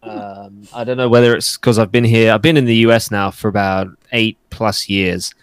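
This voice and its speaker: A man from England with an English accent softened by years in the US, chatting casually about his podcast and fitness work, laughing often and acting out what others say. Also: lowish voice, fairly even intonation, moderate pace, smooth, no echo. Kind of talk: casual chat.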